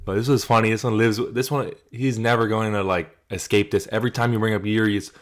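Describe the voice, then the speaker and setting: A young man hosting his own channel, talking loosely about fight highlights in a casual, profane way with lots of "like" and restarts. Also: fairly even intonation, fast talker, hardly any pauses. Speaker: channel host. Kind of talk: casual commentary video.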